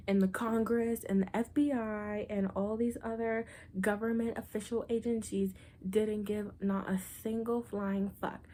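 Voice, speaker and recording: A woman vlogger rants about politics to camera, blunt, sarcastic, profane, and full of exasperation. Her voice is mellow and a little high.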